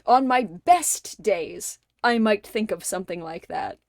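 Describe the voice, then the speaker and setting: A young woman streaming a game, chatting casually and telling animated stories, often laughing and acting out what people said. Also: medium pitch, a little slow, vocal fry, no room sound, studio quality. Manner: animated storyteller, acts out quoted lines, laughs often. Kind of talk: casual livestream chat while gaming.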